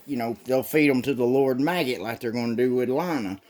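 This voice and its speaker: A man's voice: medium pitch, fairly quick, a little mellow. Rambling casual man reviewing comics. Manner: rambling and loose, with swearing and stumbles.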